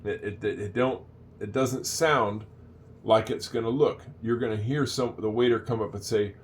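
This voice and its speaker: An older man giving a casual English lesson, chatting, repeating phrases slowly and wandering off on tangents. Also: fairly low pitch, a little hiss or hum. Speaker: English teacher.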